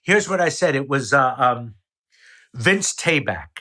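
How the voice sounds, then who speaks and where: A man's voice: medium pitch, a little slow. A man, a podcast guest, telling casual stories and playing out both sides of a conversation. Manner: animated storyteller who acts out both sides of a conversation.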